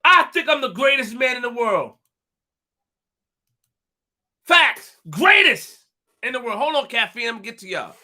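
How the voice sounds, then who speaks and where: A young man with a very high, piercing voice hosts a live stream in a fired-up rant. He boasts and pushes every point hard, repeats himself, and stumbles over his words as he goes. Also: sing-song, a little fast, sharp tone.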